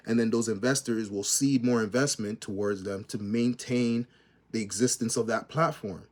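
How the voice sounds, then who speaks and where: A man's voice: medium pitch, lively intonation, moderate pace. Emphatic Canadian man with slang. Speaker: commentator. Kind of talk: opinionated commentary rant.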